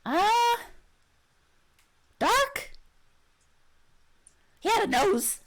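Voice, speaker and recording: A woman voicing an eager, simple-minded kobold who answers in halting bits with many drawn-out uhs. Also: very high voice, very animated, slight background noise, voice pushed up, heavily acted. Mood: eager, vague.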